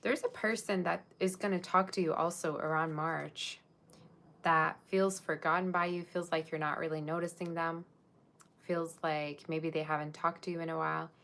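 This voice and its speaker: A woman's voice: low-pitched, steady tone, normal speed, vocal fry, fairly bright tone. A woman giving a casual live-streamed tarot reading, chatting straight to her viewers in a musing, tentative way. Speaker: tarot reader.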